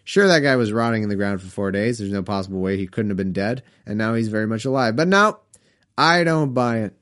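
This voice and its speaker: A sarcastic, stubborn doubter waves off everything he hears, as a man puts him on. He sounds dismissive and a little mocking, and his pitch moves around a lot. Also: lively intonation, brisk, a bit bright. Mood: scoffing. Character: scoffing adult male skeptic, stubborn and dismissive.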